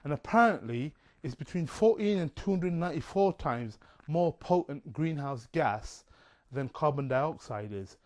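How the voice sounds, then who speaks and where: A man's voice: fairly high pitch, lively intonation, measured pace, few pauses, darkish tone. Rambling chatty man. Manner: chatty, digressive, many fillers. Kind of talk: rambling casual monologue.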